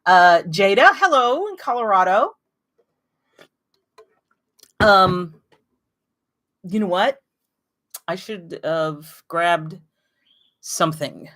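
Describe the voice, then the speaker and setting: Woman, live-stream host, rambling casual chat, lowish voice. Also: animated, extremely slow, pauses often, a bit bright. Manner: chatty, greets viewers by name and place, rambling asides.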